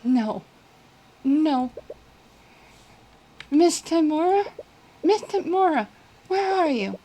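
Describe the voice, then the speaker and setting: A woman's voice: sits high, sing-song, slow pace, warm tone, slight background noise, voice pushed up, heavily acted. A woman voicing an anxious young student in a visual novel, calling out in panic. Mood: panicked.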